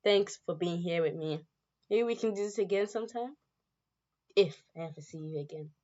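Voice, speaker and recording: Woman voicing a clingy gentle game boy. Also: fairly low pitch, moderate pace, natural voice. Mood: wistful. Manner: soft, coaxing, lulling. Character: gentle clingy young man, quietly possessive. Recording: dull lo-fi sound.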